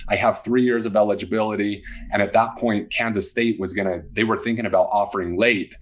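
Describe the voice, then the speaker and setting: A man with a somewhat low voice tells a personal story to an interviewer. He talks casually and animatedly, stepping into the voices of the people he quotes. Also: steady tone, fairly quick. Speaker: guest.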